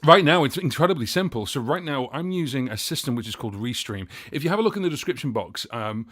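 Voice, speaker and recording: Animated and quick, with a mid-range, fairly bright voice, a British man chats to viewers on his casual music livestream. The looping musician rambles through their questions, full of fillers and self-corrections.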